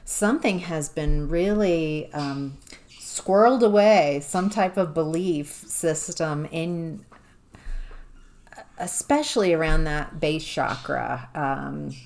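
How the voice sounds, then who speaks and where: A woman giving an intuitive tarot reading to the viewer, musing and halting, with sudden exclamations of surprise. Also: low-pitched, a little mellow. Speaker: tarot reader.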